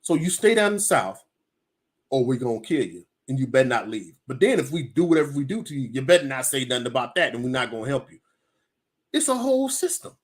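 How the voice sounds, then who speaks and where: Ranting vlogger, animated swooping pitch, emphatic, repeats for force. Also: fast. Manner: emphatic, repetitive, storytelling with acted quotes. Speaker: video commentator. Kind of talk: heated personal rant to camera.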